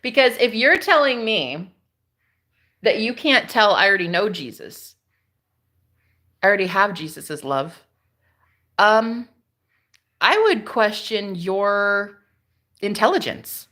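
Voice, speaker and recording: A woman's voice: medium pitch, lively intonation, slow, pauses often, bright, forceful tone. A woman chatting casually on a live stream, sassy and laughing often as she talks back to her viewers. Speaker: spiritual streamer.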